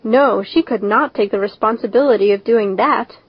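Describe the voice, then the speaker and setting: A woman reading a story aloud as narrator, in a steady, even storytelling manner. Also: on the high side, moderate pace, breathy edge, dry recording. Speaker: audiobook narrator. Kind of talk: scripted narration. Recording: dull lo-fi recording.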